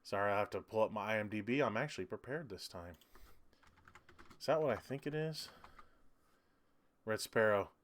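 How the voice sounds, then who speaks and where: A man's voice: lowish voice, normal speed, long pauses, a little hiss or hum. Chatty man hosting a livestream. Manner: rambling, reads viewer comments aloud, laughs often. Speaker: livestream host. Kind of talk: casual livestream chat.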